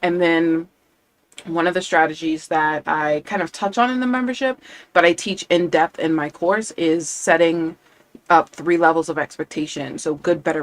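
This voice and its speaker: Chatty, enthusiastic woman language coach. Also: low voice. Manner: enthusiastic, chatty, laughs often. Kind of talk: casual live-stream chat.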